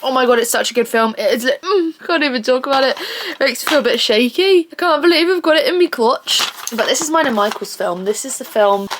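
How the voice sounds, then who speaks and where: A woman's voice: high-pitched, expressive, brisk, noisy background. A young woman, chatting casually to camera in a rambling, self-mocking vlog with dramatic outbursts. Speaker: vlogger.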